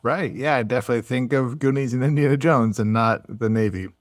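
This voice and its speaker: A man's voice: mid-range voice, brisk, dry recording. Dry-sounding male co-host. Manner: brief reactive replies, laughing along. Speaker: podcast co-host. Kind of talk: casual chat.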